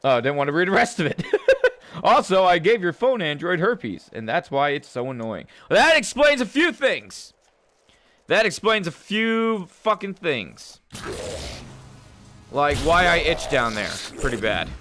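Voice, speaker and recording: A young man streaming a video game, talking casually with a profane, excitable manner and laughing often. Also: fairly high pitch, normal speed, no echo. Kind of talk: casual livestream commentary.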